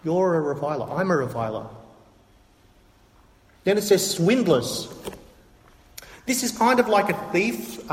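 Emphatic preacher in an echoey hall. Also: male voice, on the high side. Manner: emphatic, repetitive, rhetorical questions. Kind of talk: sermon. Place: church hall.

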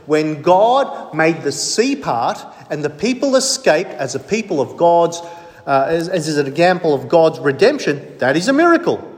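A man's voice: sits high, big-room sound. A man preaching a sermon as pastor, emphatic, stressing points in lists.

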